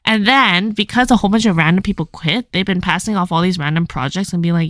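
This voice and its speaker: Young woman podcast co-host, fast animated casual chat, dry close sound. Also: fairly low pitch, no echo. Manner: fast, animated storytelling with lots of "like".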